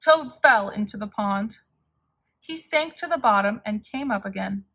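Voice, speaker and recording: Slow, lively woman reading to kids. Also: medium pitch, slightly rough. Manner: slow, expressive reading for children. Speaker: children's story reader. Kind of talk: read-aloud storytelling.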